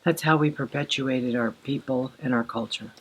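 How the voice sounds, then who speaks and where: An older woman from Alaska, telling her story in an interview, thoughtful and unhurried with pauses. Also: very deep voice, slight background noise. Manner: slow, thoughtful, with pauses and fillers. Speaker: interviewee sharing heritage.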